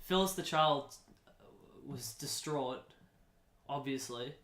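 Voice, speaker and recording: Bright, animated man in an echoey room. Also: medium pitch, takes it slowly. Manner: animated, deadpan nonsense told as fact. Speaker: podcast co-host. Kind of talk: comedic improvised storytelling.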